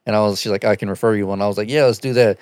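A man's voice: fairly low pitch, steady tone, racing, a little mellow, no echo, clean studio sound. A man hosting a podcast, telling crude stories with lots of swearing and laughter. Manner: profane, laughing storyteller. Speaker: podcast host. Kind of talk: casual crude podcast banter.

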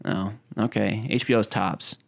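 A man's voice: on the low side, fairly even intonation, unhurried, vocal fry. A man co-hosting a podcast, joking and swearing in loose, mock-sincere banter. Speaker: podcast co-host. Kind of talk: casual banter.

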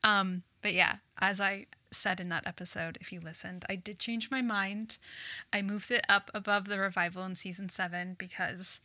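Bright, dry-voiced young woman podcast co-host. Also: medium pitch, steady tone, normal speed, no echo. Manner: chatty, many "like" fillers, enthusiastic. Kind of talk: casual chat.

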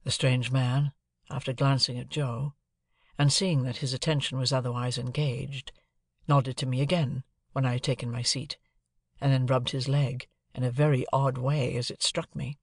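Steady and measured, a male narrator tells the story of an audiobook in a medium-pitched voice, recorded cleanly in a studio with no ambience.

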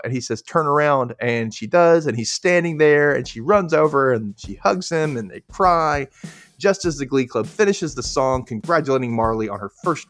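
A man's voice: no echo, clean studio sound. Chatty man recapping an episode. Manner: chatty and joking, jumps into high squeals for quotes. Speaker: podcast host.

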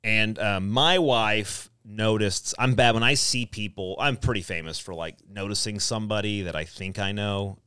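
A man's voice: fairly low pitch, moderate pace, hardly any pauses, bright, forceful tone, clean tone, no echo, studio quality. A man hosting a casual podcast and running the board, telling rambling stories full of fillers and laughs. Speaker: podcast host and board operator. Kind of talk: casual chat.

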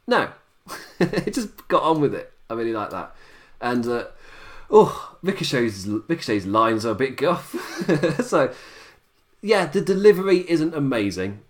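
A man's voice: on the high side, sing-song, unhurried. A tired man reviewing wrestling in a rambling, casual livestream chat, laughing often at his own remarks. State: tired late-night voice.

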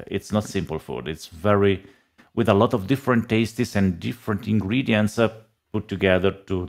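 A man's voice: sits low, creaky. An Italian man with an Italian accent, a guest in a casual podcast chat, speaking in plain, hesitant phrases.

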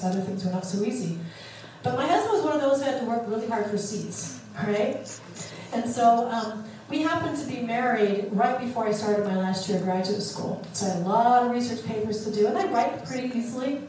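A middle-aged woman therapist giving an animated teaching talk, acting out the voices she quotes. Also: on the high side, distant mic, a little hiss or hum. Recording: very echoey room, voice from off the mic.

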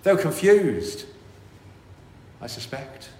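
A man's voice: fairly high pitch, slow. Man giving a sermon in an echoey church, long reverb, faint hiss behind. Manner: animated, voices worried inner thoughts. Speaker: priest.

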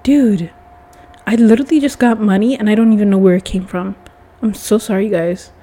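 A woman's voice: medium pitch, a little fast, dark tone. A woman ranting to the camera in a casual vlog, swearing often and sounding exasperated. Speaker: vlogger.

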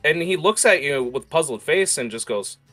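A man running a tabletop game as game master, relaxed and quick to laugh. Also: on the high side, dry recording, faint music behind.

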